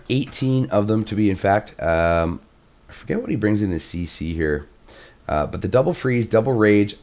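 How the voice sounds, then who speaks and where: A man with a very deep voice narrates a strategy game battle in relaxed play-by-play, voice worn hoarse and cracking. He fills gaps with "uh" and "um" and clears his throat often. The recording sounds a little muffled and lo-fi. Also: normal speed. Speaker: clan war commentator. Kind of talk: gameplay commentary.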